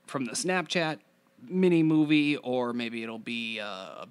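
A man talks through his own podcast in a loose, rambling way, full of fillers, restarts and asides. His voice sits at an ordinary middle pitch for a man. Later he reads scene directions from a screenplay in the same plain voice. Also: steady tone, slow pace, clear, resonant tone. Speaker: podcast host. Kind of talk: casual solo podcast talk, then reading a screenplay aloud.

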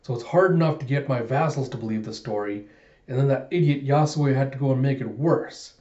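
Villain shogun, scheming, gloating, mellow, male reader, roomy room, lo-fi. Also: mid-range voice, brisk, natural voice. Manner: menacing, gloating speeches. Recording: roomy, dull lo-fi sound.

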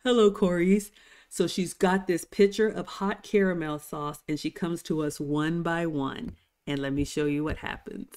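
A woman, chatting excitedly as she narrates dining footage and reads viewer comments. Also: fairly low pitch, moderate pace. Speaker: vlogger. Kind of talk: live-stream commentary over cruise dining footage.

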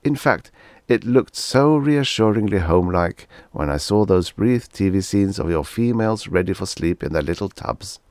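A man's voice: low-pitched, expressive, normal speed, darkish tone, dry recording, studio quality. A man voicing a polite, cheerful male Martian visitor who speaks in an earnest, formal, apologetic way.

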